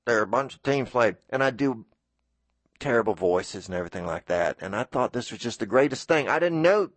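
A middle-aged man hosting a radio show, telling rambling stories and slipping into quick voices for the people he quotes. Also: mid-range voice, expressive, dry recording. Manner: storytelling, puts on quoted voices. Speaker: radio host. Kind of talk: rambling monologue.

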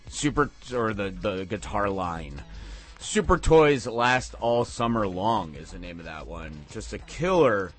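A low-voiced man talks on air as a radio DJ between tracks, loose, jokey and excitable, wandering off on tangents. He sounds close to a studio mic, with music playing faintly behind him. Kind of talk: casual on-air chat between songs.

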